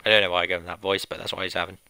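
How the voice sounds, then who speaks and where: A man's voice: sits low, level tone, rapid-fire, gravelly, background noise. A man hosting a gaming channel, making offhand, dry comments while playing. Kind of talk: let's play commentary, reading out the dialogue. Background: game music.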